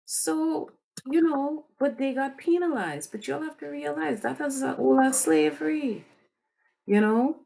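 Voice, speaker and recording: Hosting a livestream, this woman speaks unhurriedly with a warm tone and some vocal fry. Her commentary is fiery and preachy, and her pitch rises and falls as she goes.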